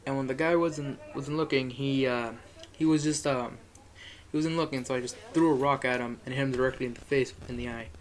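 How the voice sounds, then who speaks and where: A man's voice: medium pitch, fairly even intonation, brisk. A young man telling a rambling, profane story in a casual monologue, chuckling as he goes.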